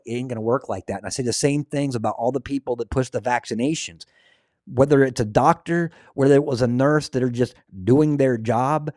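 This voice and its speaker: Excitable man preaching casually. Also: medium pitch, fairly quick, no room sound, clean studio sound. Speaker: host. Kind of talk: casual religious commentary.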